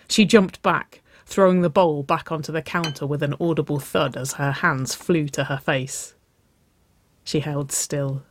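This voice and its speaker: A narrator reading a romance story aloud in a soft, even storytelling delivery. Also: medium pitch, dry recording. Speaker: audiobook narrator.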